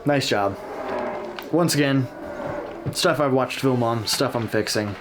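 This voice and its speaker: A man's voice: medium pitch, measured pace, music in the background. A man hosting a casual reaction video, talking candidly and self-deprecatingly about his own match footage.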